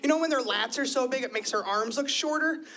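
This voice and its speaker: Her voice high-pitched and fairly quick, a woman in her thirties gives a chatty, self-deprecating stand-up set on a club stage, lively with quoted voices. Crowd laughter rings through the live club audio.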